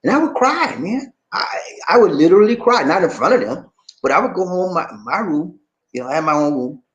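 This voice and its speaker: A man's voice: high voice, very animated, brisk, highs cut off. A man from the USA chatting casually as a vlog host, laughing a lot and drawling out "man" as he talks. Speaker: vlogger host reading viewer comments. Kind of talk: casual chat. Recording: echoey room.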